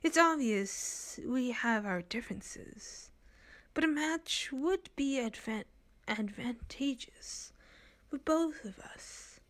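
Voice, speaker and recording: A woman doing a hushed, scheming noblewoman. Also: high-pitched, lively intonation, slow, voice pushed up, full character voice. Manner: hushed, half-whispered persuasion. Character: scheming young noblewoman, cool and calculating.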